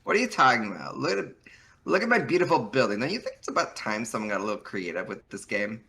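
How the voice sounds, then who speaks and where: Bossy valley girl troll, put on by a man, swoopy, high and sharp, comic read-aloud. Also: sing-song, fast talker, gravelly, full character voice. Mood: cajoling. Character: bossy, scornful young female troll.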